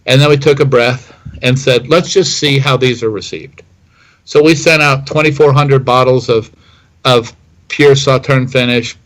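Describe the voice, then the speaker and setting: A man's voice: medium pitch, low-quality recording. Rambling middle-aged man telling a story. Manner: rambling with many fillers and restarts. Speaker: whiskey distiller guest. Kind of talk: storytelling interview answer.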